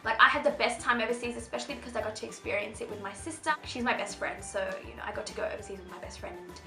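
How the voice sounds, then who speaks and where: A woman's voice: a little high, fairly even intonation, rapid-fire, vocal fry. A young woman in her twenties chatting through a shopping haul for her channel, bubbly and rambling with lots of asides. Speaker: fashion vlogger. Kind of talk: casual shopping haul chat. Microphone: camera mic. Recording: roomy echo, faint music.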